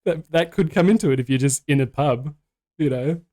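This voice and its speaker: A man's voice: a little high, fairly quick, a little mellow. Rambling man, casual podcast guest. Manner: rambling, hypothetical, restarts often.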